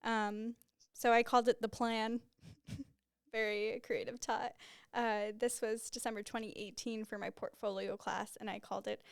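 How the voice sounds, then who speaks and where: A young woman in her twenties hosts a relaxed solo podcast, talking in a rambling, openly emotional way. Her voice sits a little high, smooth and clear, and it is close to the mic in a dry, dead small studio. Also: no room sound. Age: 20s. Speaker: podcast host. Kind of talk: casual solo podcast chat. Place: small studio room with a white backdrop. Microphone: podcast microphone.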